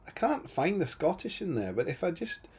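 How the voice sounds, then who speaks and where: A man's voice: a little high, sing-song, moderate pace, a little mellow, breathy edge. A man from Britain co-hosting a tabletop gaming live stream, chatting casually with dry, self-mocking humour.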